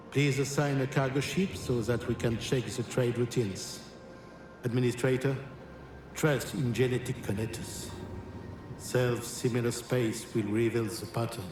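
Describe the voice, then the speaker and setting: An actor playing a grand, cryptic French council member in a game, speaking with a French accent. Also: male voice, medium pitch, close to an everyday voice. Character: suave French male council member, lofty philosopher. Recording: distant roomy game audio, noisy.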